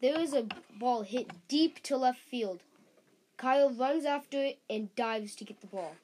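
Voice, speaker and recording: A woman reading a story aloud slowly and haltingly, stumbling and restarting on words. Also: high-pitched, darkish tone, slight background noise.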